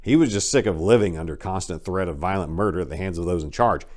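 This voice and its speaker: A man hosting his channel and giving an expressive, theatrical dramatic story reading. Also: low voice, quick pace, hardly any pauses. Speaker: writer and channel host.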